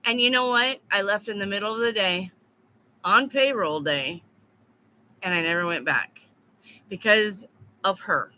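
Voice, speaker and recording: A woman's voice: mid-range voice, measured pace, pauses often, bright, forceful tone, rough recording. A woman reading tarot in a casual live stream, telling stories bluntly with plenty of swearing. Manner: blunt, profane storytelling. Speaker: tarot reader.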